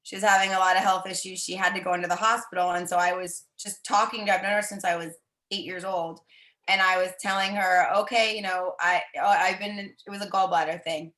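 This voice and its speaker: A bright, clear-toned woman tells a story on a video call. She talks in a chatty, animated way and slips into the voices she quotes, with a roomy echo around her. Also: fairly low pitch, brisk. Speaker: team member sharing a story.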